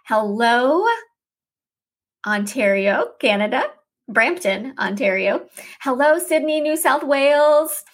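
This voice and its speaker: A slightly higher-pitched woman with a husky, breathy edge hosts her podcast in a casual monologue. She sounds middle-aged and talks in an upbeat, chatty way with plenty of fillers. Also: animated, slow, long pauses. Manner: warm shout-outs, upbeat and chatty with fillers. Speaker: podcast host.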